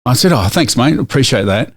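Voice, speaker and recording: A man's voice: mid-range voice, expressive, fairly quick, husky. A middle-aged man with an Australian accent co-hosting a podcast, telling a story in a rambling way with lots of fillers and restarts. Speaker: podcast co-host. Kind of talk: casual chat and storytelling.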